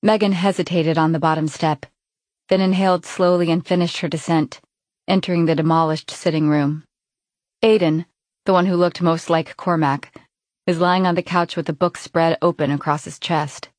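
A woman narrating an audiobook in an even, clear reading voice. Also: on the low side, normal speed, no echo. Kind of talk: scripted narration.

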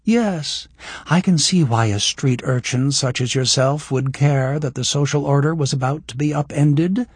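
A man's voice: a little high, normal speed, slightly rough, no room sound, pitched above the performer's own voice, heavily acted. Man voicing a frank young woman healer. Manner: raised voice for a woman, expressive.

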